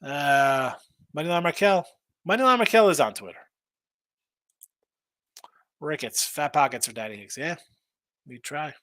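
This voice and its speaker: A man hosting a live betting show in a loose, rambling way, with plenty of restarts and repeated words as he reads viewers' messages aloud. His voice sits a little high for a man and sounds close and dry, with almost no room sound. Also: lively intonation, measured pace, long pauses, fairly bright tone, dry recording. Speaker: sports betting show host. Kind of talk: casual live-stream betting talk.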